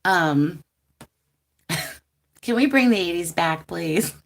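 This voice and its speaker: A woman chats on a live stream. She talks unhurriedly in a lowish voice, rambling with ums and laughing often. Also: expressive, very slow, vocal fry, a little hiss or hum. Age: 40s. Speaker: tarot reader hosting a live stream. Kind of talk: casual rambling livestream chat.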